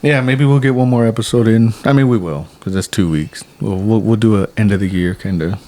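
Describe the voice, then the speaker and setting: A man's voice: fairly low pitch, a little fast, a little hiss or hum. Rambling young man chatting on a podcast. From United States. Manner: rambling storyteller, many restarts, animated quotes. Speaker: podcast co-host. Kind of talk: casual chat over drinks.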